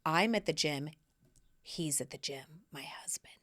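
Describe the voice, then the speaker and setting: A woman hosting a podcast, telling a personal story casually and acting out the quoted lines with big jumps in her voice. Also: unhurried. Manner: animated, acts out quotes with big pitch jumps. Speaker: podcast host.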